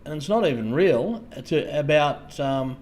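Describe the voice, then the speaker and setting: An Australian man with an animated voice on the high side hosts a casual livestream, speaking to viewers haltingly, repeating words and letting sentences trail off softly.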